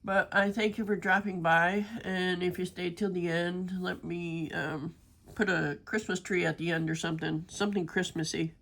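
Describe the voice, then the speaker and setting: An older woman chatting casually over her diamond painting, her voice gravelly and rough with the fry of a sore throat. She rambles along in a homey, easygoing way, sick but talkative. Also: fairly low pitch, fairly even intonation, normal speed, a bit bright. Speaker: crafting vlogger.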